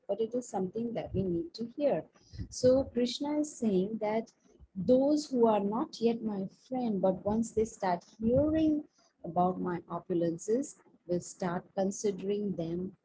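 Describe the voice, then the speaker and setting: Mellow-voiced woman teaching scripture. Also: medium pitch, slight background noise, poor audio. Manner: conversational, storytelling with frequent "you see". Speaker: spiritual teacher. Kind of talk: class on scripture over video call. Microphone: video call.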